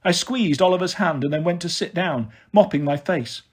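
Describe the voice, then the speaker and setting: A man reading a children's novel aloud in a steady first-person narration. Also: a little high, normal speed, slightly rough. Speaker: storyteller.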